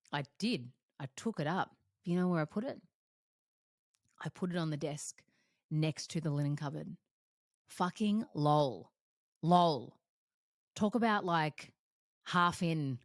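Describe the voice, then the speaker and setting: A woman's voice: deep voice, darkish tone, no room sound, studio quality. A woman hosting a casual solo podcast, candid and laughing often as she talks, swearing freely. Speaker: podcast host and coach.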